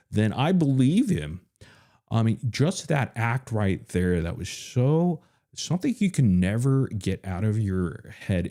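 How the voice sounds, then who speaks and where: A man's voice: low voice, warm tone. A man hosting a livestream, ranting bluntly and profanely with many hesitant fillers. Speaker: livestream host.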